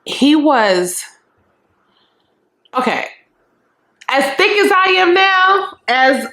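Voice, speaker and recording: A young adult woman vlogger telling a storytime in a frank, animated and profane way, acting out what people said. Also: high voice, drawn-out words. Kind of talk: casual storytime.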